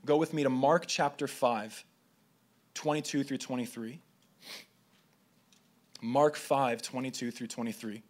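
A man's voice: mid-range voice, fairly even intonation, unhurried, pauses often. A man preaching a sermon to a gathering, reading scripture aloud and sometimes stumbling over his words before trying again. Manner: reads scripture aloud, with slips and restarts.

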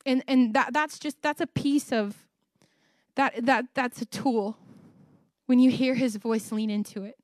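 A woman with a fairly high voice preaches from her own life story, earnest and emotional. She drives points home by repeating phrases. The sound is dry and close, with little room echo. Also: steady tone, a little slow, a little mellow. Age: adult, married ten years. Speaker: speaker sharing testimony. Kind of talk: personal testimony preaching.

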